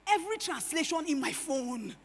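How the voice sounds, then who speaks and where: A middle-aged Nigerian woman pastor preaching a sermon, animated and full of rhetorical questions. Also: high voice, normal speed. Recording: reverberant hall with faint noise.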